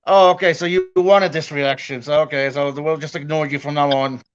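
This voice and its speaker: A man's voice: on the high side, fairly even intonation, brisk. A man hosting a stream, talking bluntly and sounding exasperated with his guest. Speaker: streamer host. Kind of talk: casual stream chat. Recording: dry, dull lo-fi stream audio.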